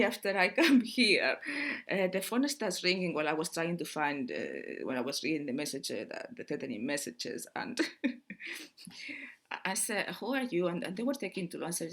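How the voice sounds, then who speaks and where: A woman's voice: lowish voice, fairly bright tone, husky. A middle-aged woman talking casually to camera as a vlogger, chatty, laughing often and restarting her sentences.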